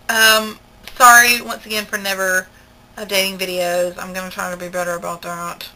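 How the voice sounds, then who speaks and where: A woman's voice: mid-range voice, bright, forceful tone, slight background noise, poor audio. A young woman with a Southern American accent, telling a story in a chatty, indignant way for her vlog. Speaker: vlogger.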